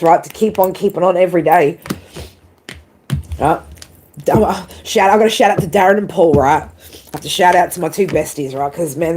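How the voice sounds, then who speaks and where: Aussie woman on a live tarot stream, teary and sweary, lowish voice, bit of hiss behind. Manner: emotional, swearing, keeps adding "right?" and "man". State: tearful. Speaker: tarot reader.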